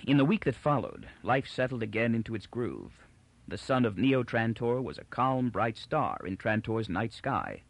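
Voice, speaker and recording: Expressive male audiobook narrator. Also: medium pitch, vocal fry, dry recording. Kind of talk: scripted narration.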